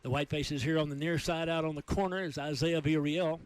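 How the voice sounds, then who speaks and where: A man with a Texan accent calling high school football play by play, with rapid excited calls during big plays. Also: clear, resonant tone. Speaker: play-by-play announcer.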